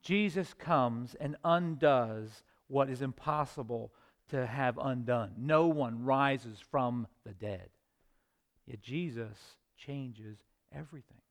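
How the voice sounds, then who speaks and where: A man preaching a sermon, reading scripture aloud and acting out its voices, swinging from hushed near-whispers to loud, rising emphasis. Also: medium pitch, slow.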